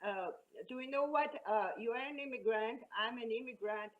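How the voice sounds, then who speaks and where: Woman, Georgian accent, slightly high pitch, outspoken, joking, talk show guest. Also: moderate pace, lo-fi sound.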